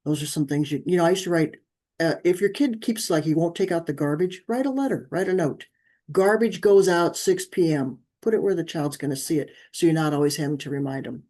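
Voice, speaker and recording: A middle-aged woman talks as an interview guest about parenting. Her voice is mellow and warm. She tells stories with energy and acts out the quoted lines. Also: sits low, quick pace. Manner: animated storyteller, acts out quoted dialogue. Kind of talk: conversational interview.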